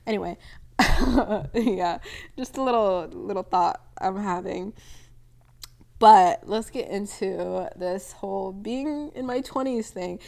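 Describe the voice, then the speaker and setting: A woman's voice: mid-range voice, slow, creaky, a little mellow. A twenty-one-year-old woman hosting a casual solo podcast, chatty and rambling, with lots of "like" and little laughs. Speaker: podcast host. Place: home, near a balcony.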